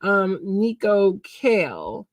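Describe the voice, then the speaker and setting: Her pitch sits in the middle but swings widely, and she speaks extremely slowly on a dry, close recording. The twenty-something Philadelphia livestreamer keeps her casual gossip chatter going, talking to viewers and trailing off as she hunts for things aloud.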